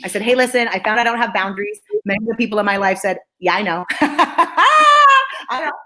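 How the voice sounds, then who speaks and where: A woman's voice: medium pitch, rapid-fire, rough recording. A woman psychologist hosting a talk, teaching energetically, repeating key phrases and often checking in with "okay?". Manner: animated, repeats phrases for emphasis. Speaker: psychologist host.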